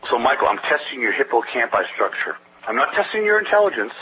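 A man with a mid-range, sing-song voice talks fast as he energetically pitches his brain-training program in a phone-style interview. Salesy and rambling, he tells anecdotes and acts out quoted voices, on dull lo-fi audio with faint hiss.

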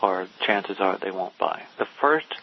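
A man's voice: low-pitched, unhurried, gravelly. A man casually telling a long anecdote, acting out the lines of the people in it. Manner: animated, quotes people in dialogue. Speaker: storyteller guest. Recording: dull lo-fi sound with faint hiss.

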